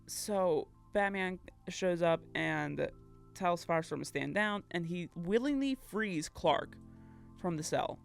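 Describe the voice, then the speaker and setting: A woman's voice: lowish voice, expressive, slow, gravelly, faint music behind. A woman co-hosting a podcast, recapping a game story in casual chat, acting out the characters' lines and laughing often. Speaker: podcast co-host.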